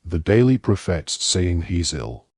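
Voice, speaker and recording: Teenage boy wizard, plain and direct, read by a low-voiced man, storybook. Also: big pitch swings, a little slow, a little mellow, breathy edge, dry recording, clean studio sound, exaggerated voice. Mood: curious.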